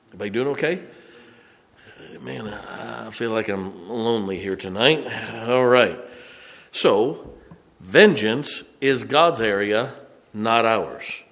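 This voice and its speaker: A man preaching a sermon as pastor, rising to loud emphasis on scripture and dropping into folksy, chatty asides. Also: fairly low pitch, slow pace, vocal fry, big-room sound. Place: church sanctuary.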